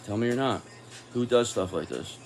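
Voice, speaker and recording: A man's voice: mid-range voice, normal speed, vocal fry, slight background noise. A man giving a casual tarot reading, talking in an angry, profane and confrontational way. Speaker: tarot reader.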